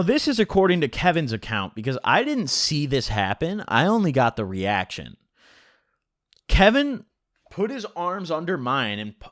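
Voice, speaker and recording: A man's voice: a little high, dry recording, studio quality. A man telling a story in a casual vlog, swearing often and filling his talk with "like". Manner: animated, heavy swearing and filler "like". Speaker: storytelling vlogger.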